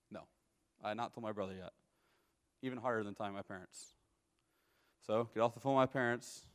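Young male speaker, twenties, mid-pitched, relaxed testimony storytelling, long hall reverb. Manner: conversational storytelling, checks in with listeners. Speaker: speaker giving a personal testimony. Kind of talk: personal testimony talk to an audience.

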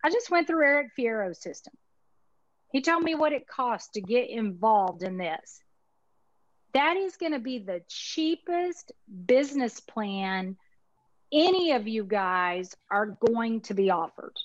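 A woman's voice: on the high side, sing-song, unhurried, dry recording, highs cut off. A woman in her fifties with a Texas accent, talking in a folksy, emphatic, chatty way as a guest in a casual interview. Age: 50s. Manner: folksy, chatty, emphatic, uses Southern expressions. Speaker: insurance marketing organization owner, guest.

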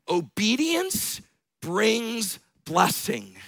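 A middle-aged man preaching a sermon as pastor, telling stories with bursts of shouting and laughter. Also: sits high, animated, unhurried, gravelly, dry recording.

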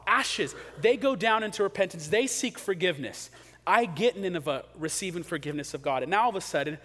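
A man preaching a sermon in a casual, animated way, acting out quotes, in a church hall. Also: high voice. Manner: conversational, animated, acts out quotes. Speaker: pastor. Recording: long hall reverb.

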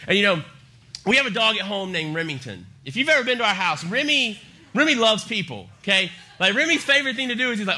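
Energetic and funny, a young youth pastor tells stories during a sermon at a church youth service. His voice is high, animated, fast, and sharp.

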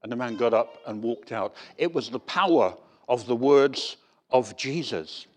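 A man preaching a sermon with a lively, swooping voice that rises and falls widely. He tells stories animatedly, putting on voices for the people in them. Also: medium pitch, a little slow. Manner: storytelling, animated, acts out voices in quotes.

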